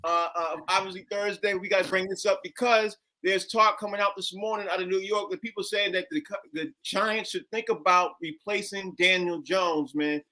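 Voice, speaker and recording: A man hosting a casual sports talk show, loud and upbeat, bringing in guests. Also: high voice, fairly even intonation, moderate pace, few pauses, rough recording.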